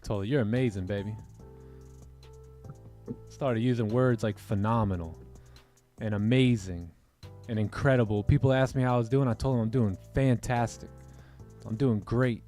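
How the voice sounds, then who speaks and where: A man's voice: mid-range voice, moderate pace, long pauses, dark tone, faint music behind. A man hosting a livestream, chatting casually and animatedly about mindset, often tacking on "right?" and "man". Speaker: trading livestream host. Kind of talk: casual motivational chat.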